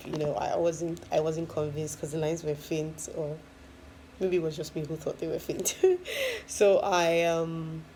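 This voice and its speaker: A woman's voice: deep voice, mellow, a little hiss or hum, rough recording. A woman, a first-time mom, casually telling her own story with lots of fillers and frequent laughs. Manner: chatty, many fillers, laughs often.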